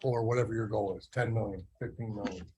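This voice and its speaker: Talking fast in a low, steady, slightly mellow voice, a middle-aged real estate sales trainer gives a motivational business talk to sales agents. He keeps it conversational and fills it with rhetorical questions.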